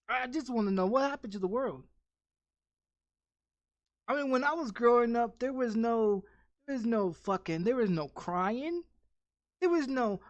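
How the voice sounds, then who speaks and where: A man's voice: very high voice, expressive, unhurried, long pauses, no room sound. A man ranting casually while streaming a game, swearing constantly and restarting his sentences. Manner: profane, rambling, heavy restarts and repeats. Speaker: gaming streamer.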